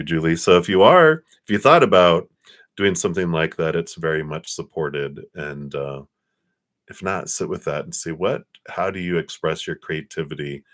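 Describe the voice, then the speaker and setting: A man giving tarot readings live. He talks gently and reassuringly, rambling with fillers and restarts. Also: rumbling low. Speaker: tarot reader.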